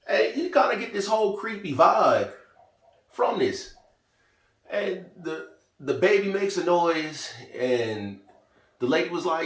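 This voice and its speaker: A man giving a casual, chatty spoken review of a TV show, talking in a lively, conversational way. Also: high voice, takes it slowly, pauses often, distant mic. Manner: chatty, lively, quotes characters in small voices. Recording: roomy echo, from off mic.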